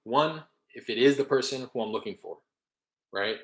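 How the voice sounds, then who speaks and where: A man's voice: mid-range voice, moderate pace, a bit bright, reverberant. A young man in casual talk, explaining his real estate cold-calling method between live calls, rambling a little as he goes.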